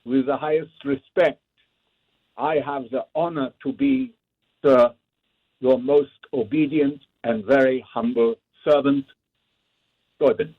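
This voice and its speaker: An actor reading a letter as a proud aging Prussian general pleading for payment, with a put-on Prussian German accent and a formal, solemn delivery over a tinny line. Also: male voice, mid-range voice, steady tone, slow, pauses often. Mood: solemn, dignified.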